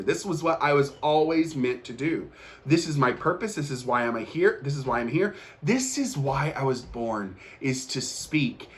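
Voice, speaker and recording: Earnest young man, a bit high voice. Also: fairly bright tone. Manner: earnest, emphatic, repeats phrases for effect. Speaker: podcast host. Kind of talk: motivational monologue.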